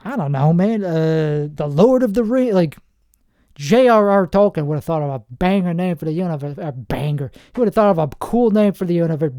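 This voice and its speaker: A man's voice: a little high, lively intonation, fairly quick, warm tone, dry recording, studio quality. A man hosting a podcast in a rambling, self-mocking comedic monologue, trailing off and restarting his sentences. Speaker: podcast host. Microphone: podcast microphone.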